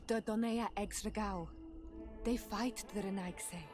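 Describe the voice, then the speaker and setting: A woman's voice: medium pitch, steady tone, measured pace, natural voice. An actress voicing a determined young native woman in a video game, speaking earnestly and directly. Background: game music.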